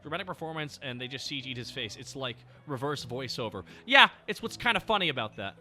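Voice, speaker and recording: A man's voice: medium pitch, lively intonation, quick pace, pushed and bright, soft background music. A man streaming live, chatting casually and joking as he reads chat messages aloud. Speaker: VTuber streamer.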